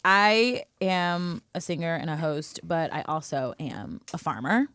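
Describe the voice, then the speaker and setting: A woman's voice: sits low, measured pace, fairly bright tone, no room sound. Woman host in a radio studio, giggly stories, dry close sound. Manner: giggly storytelling. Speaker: singer and co-host. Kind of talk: casual radio chat.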